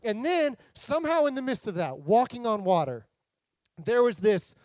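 High-voiced animated man preaching. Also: moderate pace, no echo. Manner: animated, jokey, acts out voices. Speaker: pastor. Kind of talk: casual sermon.

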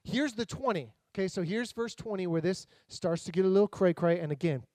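A pastor with a high, brisk voice preaches a casual, jokey sermon, recorded with no echo. He's animated throughout, acting out the voices of the characters in his stories.

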